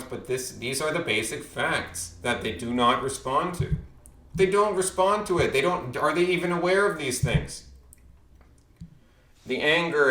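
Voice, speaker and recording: Bright-voiced man monologuing in an echoey room. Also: medium pitch. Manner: rambling, frequent restarts. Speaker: commentator vlogger. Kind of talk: casual monologue.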